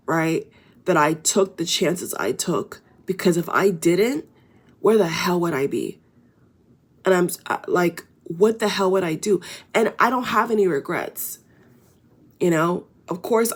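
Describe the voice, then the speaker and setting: A woman talking straight to her viewers in a casual spiritual vlog, earnest and emphatic, with filler words and swearing. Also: lowish voice. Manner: earnest and emphatic, addresses viewers as guys, frequent you know and swearing. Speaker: spiritual vlogger. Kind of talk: casual direct-to-camera monologue.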